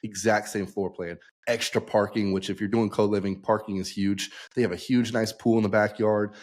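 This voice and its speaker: A man's voice: on the low side, level tone, moderate pace, a little mellow, slight background noise. A young man, a podcast guest, telling his story casually and acting out the dialogue he quotes. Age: young adult.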